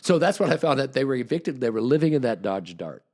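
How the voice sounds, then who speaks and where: A man's voice: mid-range voice, very animated, quick pace, darkish tone. A man guest on a podcast, telling a long, rambling story with restarts and acted-out quotes. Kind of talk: casual storytelling.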